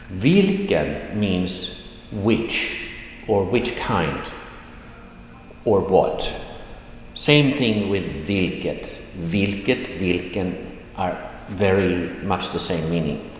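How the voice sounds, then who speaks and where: A man teaching an online language lesson, explaining words slowly and patiently and repeating them. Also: sits low, lively intonation, slight background noise. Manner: slow, patient explaining with repetitions. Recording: echoey room with long reverb.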